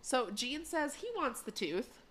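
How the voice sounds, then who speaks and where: This high-pitched woman speaks a little slowly as she co-hosts a podcast, giving an animated retelling of a cartoon episode and acting out its lines in a casual chat.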